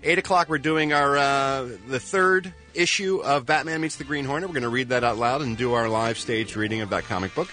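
A man reporting entertainment news on a radio morning show, with a lively, teasing announcer delivery. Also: mid-range voice, a little fast, hardly any pauses, soft background music.

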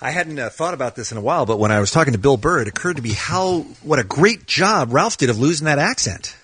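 A man hosting a morning radio show, upbeat and quick, laughing often as he interviews and introduces segments. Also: medium pitch, expressive, fairly bright tone, husky, no room sound.

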